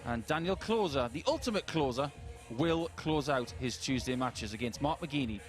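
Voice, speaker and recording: A man doing live darts commentary, measured and analytical with a dry sense of humour. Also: medium pitch, expressive, soft background music.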